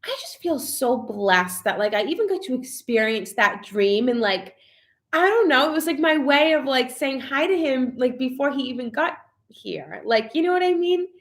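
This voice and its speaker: A woman's voice: high-pitched, lively intonation, moderate pace, a bit bright. A young adult woman vlogging in casual live chat, emotional and full of "like" fillers as she reads viewer comments. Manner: chatty and emotional, many "like" fillers.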